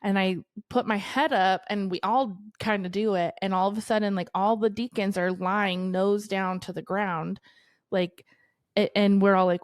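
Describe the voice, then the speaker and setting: A woman's voice: medium pitch, normal speed, no echo, studio quality. A woman in her thirties co-hosting a podcast, telling a story in casual chat, swearing freely and laughing often. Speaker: podcast co-host.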